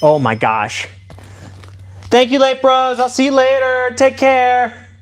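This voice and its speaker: A man live-streaming a demonstration of improvised weapons. He talks to his chat in an excitable, playful way. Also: very high voice, slow, slight background noise. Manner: excitable and playful, addressing viewers directly.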